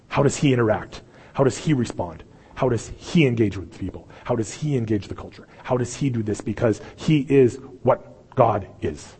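Male pastor, impassioned sermon delivery, husky, long hall echo. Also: medium pitch. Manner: impassioned, swings from loud pleading to hushed. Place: church sanctuary.

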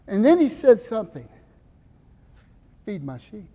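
An older male pastor preaching a sermon, questioning his congregation and answering himself, moving between loud emphasis and soft asides. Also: high-pitched, very animated, slow, pauses often. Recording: reverberant church hall.

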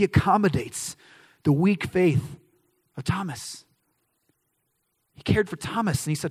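Animated pastor preaching in a reverberant hall. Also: male voice, sits high, measured pace, long pauses, slightly rough. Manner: animated, acts out quoted voices, emphatic questions and answers. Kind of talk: sermon.

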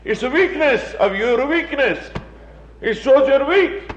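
Slow, high-voiced man preaching. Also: expressive, a little hiss or hum. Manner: repetitive, emphatic preaching with mocking asides. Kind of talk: sermon. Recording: dull, echoey room sound.

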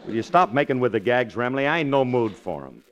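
A man starring in a 1940s radio comedy, brash and flustered, quick with a quip. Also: medium pitch, sing-song, dull audio. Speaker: comedian and star of the show. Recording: hissy old radio broadcast.

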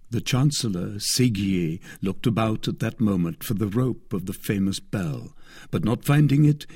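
A man narrating a classic novel as an audiobook, with an expressive, measured reading. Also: lowish voice, husky, no echo, studio quality.

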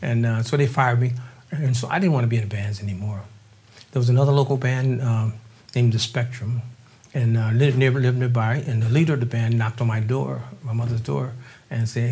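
An older man from New Orleans, a drummer and interview guest, telling stories in a relaxed, animated way, acting out the voices of people he quotes. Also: medium pitch, brisk, breathy edge. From New Orleans, Louisiana. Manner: animated storyteller, acts out quoted voices, laughs often. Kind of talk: casual interview storytelling.

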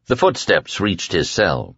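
A man reading an audiobook in measured scripted narration, quietly voicing the dialogue as he goes. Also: sits low, very animated, creaky, breathy edge, no echo, highs cut off.

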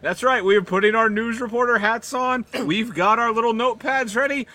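Bright crude-joking male podcast host. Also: extremely high pitch, brisk. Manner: crude, mock-newscaster delivery. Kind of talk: casual comedic banter.

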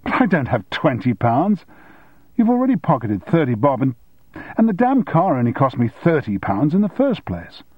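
A hot-tempered young man, voiced by a male audiobook narrator, spluttering with indignation and pitching his husky voice well above the narrator's own. He blusters and shouts his complaints, heard through dull, muffled audio. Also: huge pitch swings, normal speed, no room sound, full character voice. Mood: outraged. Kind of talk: audiobook character voice.

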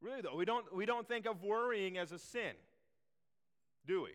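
A man's voice: sits high, expressive, moderate pace, long pauses, fairly bright tone, long reverb tail. A man preaching a sermon in a casual, chatty way, full of fillers and restarts.

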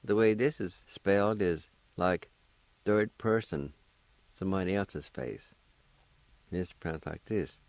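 A man with a very low voice teaches words on a radio lesson, speaking slowly and carefully. He spells each word, repeats syllables, and sounds close and dry with no room around him. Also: darkish tone, no echo. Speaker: language teacher.

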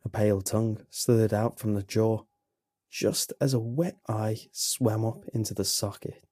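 Casting note: male horror narrator, unhurried and grim, mellow and dark tone. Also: fairly low pitch, steady tone, no room sound, studio quality. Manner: slow, grim, measured storytelling.

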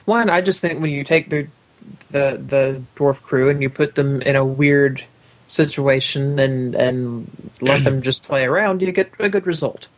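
A man's voice: mid-range voice, unhurried. A man hosting a podcast, talking in a casual, meandering way with lots of hesitation. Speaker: podcast host. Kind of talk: casual chat.

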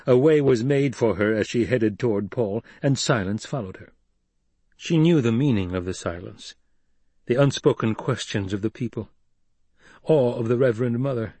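A man narrating an audiobook in a measured, even delivery. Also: mid-range voice, husky, no echo.

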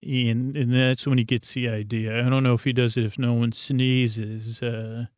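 A man's voice: medium pitch, flat delivery, moderate pace, no room sound, studio quality. A man narrating a tabletop game as game master, rambling with many fillers and restarts.

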